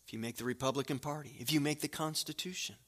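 A middle-aged man preaching a sermon as pastor, talking straight to his congregation and swinging from hushed asides to loud, emphatic declarations in a church sanctuary. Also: on the high side, fairly even intonation, fast. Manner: conversational, direct address to the congregation.

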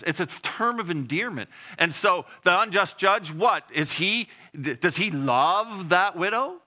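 A man's voice: a little high, sing-song, unhurried, bright, forceful tone. A man preaching a sermon in a conversational way, asking the congregation questions and acting out short voices. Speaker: pastor.

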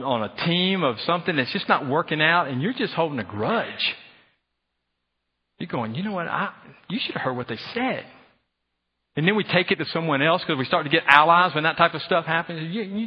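Husky male pastor preaching in a hall. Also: on the high side. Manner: animated preaching, acts out voices of listeners. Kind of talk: sermon. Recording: dull sound with long hall reverb.

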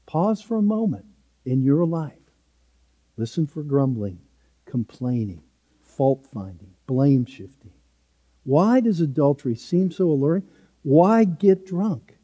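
A man's voice: a little high, sing-song, measured pace, pauses often, mellow, big-room sound. A man preaching a sermon as pastor, earnest and emphatic, driving points home with repeated short phrases.

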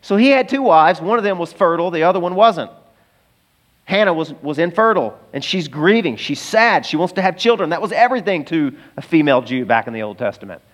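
A middle-aged pastor preaches a sermon in a conversational, animated style, tossing asides to the congregation. His voice is fairly high and his pace brisk.

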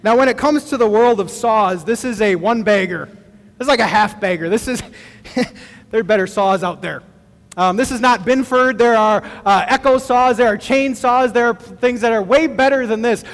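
A middle-aged male pastor delivers a sermon with a very high voice. He talks in an easygoing, conversational way and pokes fun at himself. His voice rings with the long reverb of a large hall. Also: normal speed, a bit bright. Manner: conversational storytelling with self-deprecating humor.

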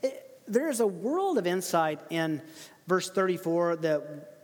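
A high-pitched man preaching through a passage with lively emphasis and frequent laughter. His voice rings with the long reverb of a large hall. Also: measured pace. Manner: animated, laughs often, emphatic quotes. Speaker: pastor. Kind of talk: expository sermon.

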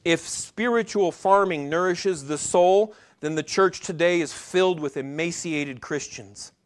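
Pastor, male, slightly higher-pitched voice, earnest sermon delivery with frequent restarts. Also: unhurried. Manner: earnest preaching with frequent restarts, addresses congregation directly.

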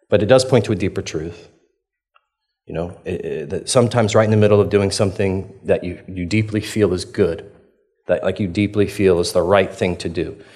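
A man's voice: low voice, darkish tone. A man, preaching a conversational sermon. He tells a personal story in a chatty, self-deprecating way, laughing often and acting out his own reactions. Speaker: pastor.

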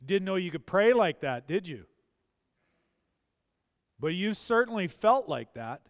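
High-voiced pastor preaching slowly in a hall. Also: male voice, big pitch swings. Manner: earnest, rising to emphatic questions. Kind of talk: sermon. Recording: long hall reverb.

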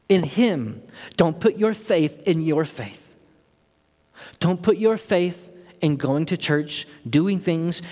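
A man delivers a sermon as pastor, speaking earnestly and swelling into fervent, emphatic passages. His voice sits somewhat high for a man. It echoes with the long reverb of a large church sanctuary. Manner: earnest, building to impassioned emphasis.

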